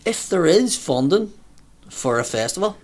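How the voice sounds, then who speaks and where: A man's voice: high voice, sing-song, a little slow. A man with a Belfast accent in casual conversation, blunt and sweary, acting out the people in his stories. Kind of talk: casual chat.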